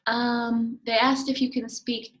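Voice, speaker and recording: A woman moderating a casual Q&A, reading out questions in a soft, tentative way. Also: on the high side, level tone, unhurried.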